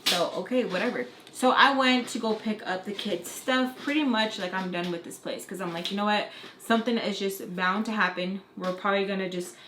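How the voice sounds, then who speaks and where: A woman's voice: medium pitch, a bit bright. A young woman vlogger telling a heated story in casual chat, acting out quotes and swearing freely. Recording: roomy echo, faint background noise.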